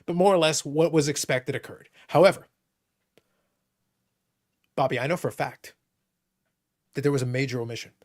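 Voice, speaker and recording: A man's voice: fairly high pitch, moderate pace, long pauses. A man hosting a casual live-stream chat, talking with emphatic, mock-outraged insistence. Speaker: podcast host.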